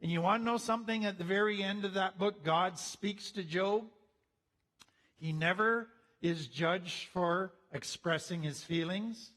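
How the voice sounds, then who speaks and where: A man with a notably high speaking voice delivers a teaching talk in an earnest, conversational manner. When he reads scripture aloud he slows down and leans into the words. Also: sharp tone.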